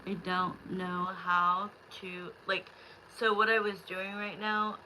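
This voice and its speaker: A woman reads tarot on a casual live stream, talking straight to her chat in a loose, rambling way. Her voice is bright and a little tense, and she sounds frustrated and near tears. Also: on the low side, flat delivery, slow pace, slight background noise, rough recording.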